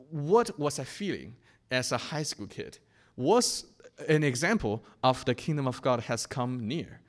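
A young man from China giving an earnest, reflective personal testimony, often pausing and restarting his sentences. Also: mid-range voice. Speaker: speaker sharing his faith testimony.

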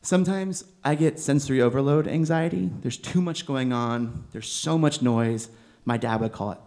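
Young guy giving a sermon, chill and chatty, average pitch voice. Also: moderate pace. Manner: conversational, gentle, with bursts of exasperated emphasis. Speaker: preacher, seminary student.

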